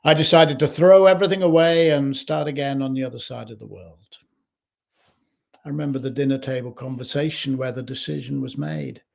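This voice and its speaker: A man speaking as a life coach in a slow, measured reflective talk, recorded in his home kitchen. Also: mid-range voice, steady tone, gravelly.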